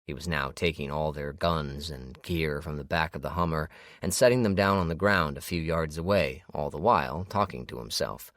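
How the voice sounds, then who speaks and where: Deep-voiced male audiobook narrator. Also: moderate pace, a bit bright, no echo, studio quality. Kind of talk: scripted narration.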